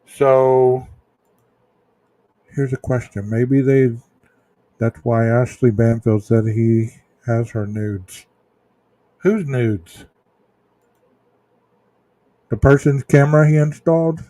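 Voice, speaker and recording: A man's voice: mid-range voice, takes it slowly, pauses often, warm tone, no echo. A man hosting a true-crime livestream, chatting casually with viewers in chat, rambling with fillers and restarts.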